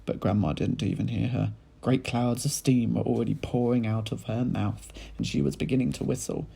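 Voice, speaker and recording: A male teacher reading a children's book aloud in lively storytelling style, speaking to his pupils. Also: medium pitch, normal speed, creaky, breathy edge, poor audio. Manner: animated storytelling, addressing children.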